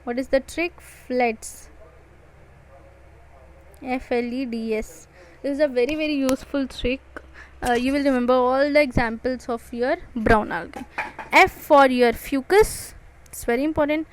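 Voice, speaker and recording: High-voiced Indian English woman teaching. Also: fairly even intonation, moderate pace, slight background noise, poor audio. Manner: repeats key points with emphasis, stressing words. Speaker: biology teacher. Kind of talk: exam-prep lecture.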